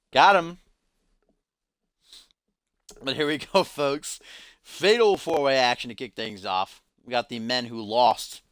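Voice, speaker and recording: A man's voice: fairly low pitch, fairly bright tone, clear, resonant tone, no echo, clean studio sound. A man hosting a live stream, giving joking play-by-play of a wrestling video game between chat asides. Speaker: stream host and commentator.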